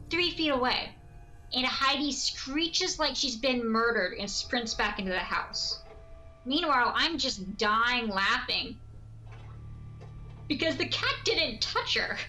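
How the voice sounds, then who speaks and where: A woman streamer chats casually while she plays, rambling from one story to the next and laughing often. Her voice is bright and sharp and sits fairly high. She is recorded at a home streaming setup. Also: low-quality recording. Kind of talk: casual chat while gaming.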